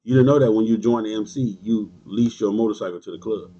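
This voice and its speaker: A husky, mellow-toned man, preaching hard to his viewers as a motorcycle club leader. He repeats his points, drops street slang and fires back at live comments. The sound is dull and lo-fi, like cheap stream audio. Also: fairly low pitch, fast talker. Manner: emphatic, repetitive, preachy. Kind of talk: livestream monologue answering viewers.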